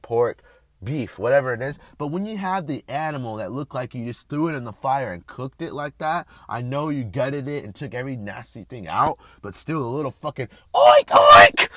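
A young man hosts his own show in a rambling, crude monologue. His voice lurches between loud, excited bursts and low mutters, with a lively, swooping pitch. The recording is close and dry. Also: dry recording. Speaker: podcast host. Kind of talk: casual profane monologue.

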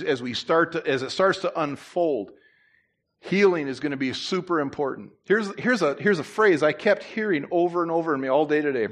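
In church, a pastor delivers his sermon in a conversational way, full of asides and restarts. He gets louder and higher in pitch whenever he wants to drive a point home.

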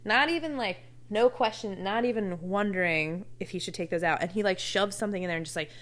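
A woman casually telling a personal story, animated and laughing, acting out what others said. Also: mid-range voice, brisk. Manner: animated, laughing, acts out quotes.

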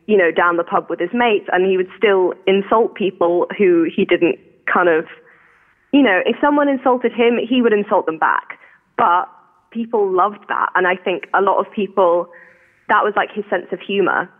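A woman with a posh southern English accent, chatting as a caller and laughing often at herself. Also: fairly low pitch. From England. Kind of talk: casual chat. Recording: tinny phone line.

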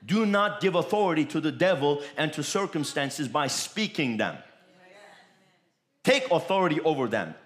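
A man's voice: a little high, animated, moderate pace. A man preaching a sermon, with emphatic, repetitive declarations that rise in bursts.

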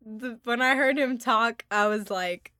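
A woman's voice: a little high, dry recording, clean studio sound. A woman co-hosting a podcast, chatting casually about a film and laughing often. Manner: giggly, animated, quick to laugh. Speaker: podcast co-host.

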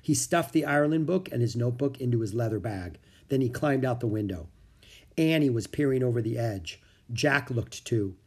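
Husky man reading a children's story. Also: medium pitch, moderate pace. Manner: expressive, shifts voices for each character. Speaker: audiobook narrator.

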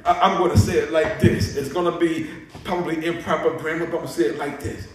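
Worked-up preacher guy, high-ish voice, laughs a lot, mic kinda far off in a booming church. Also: fairly even intonation, fast talker, slight background noise. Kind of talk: sermon. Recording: echoey church, mic at a distance.

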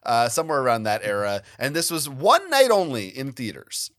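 A man's voice: mid-range voice, very animated, moderate pace, a bit bright, dry recording, studio quality. Rambling, joking male podcast co-host. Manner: joking, rambling, laughs often. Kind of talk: casual chat. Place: New Jersey.

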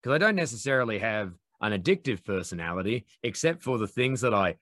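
A man's voice: fairly low pitch, lively intonation, fast talker, fairly bright tone, no room sound. A man in casual chat, swearing freely and acting out quotes in mock voices.

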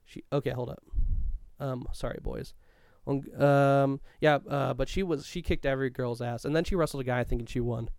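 Profane, rambling man with a clear voice. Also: medium pitch, fairly even intonation, normal speed, a little mellow, no echo, studio quality. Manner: profane, rambling, laughs often; stops to look things up mid-talk. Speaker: co-host reminiscing about school days. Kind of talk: casual chat.

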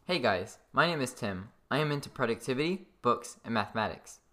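A man's voice: mid-range voice, animated, brisk, fairly bright tone. A young man co-hosting a casual podcast, playful and patient, redoing takes and explaining terms carefully. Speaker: podcast co-host.

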